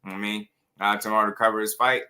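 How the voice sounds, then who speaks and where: A man's voice: fairly low pitch, little pitch movement, very fast, bright, forceful tone. A man hosting a boxing show in casual, playful commentary full of slang and jokes. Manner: playful, jokey, heavy slang.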